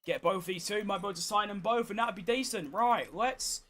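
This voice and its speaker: Streamer, man, high-pitched, croaky and worn out, chatty, swearing, exasperated. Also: brisk, a bit bright. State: hoarse, tired. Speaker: gaming streamer. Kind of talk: casual gameplay commentary.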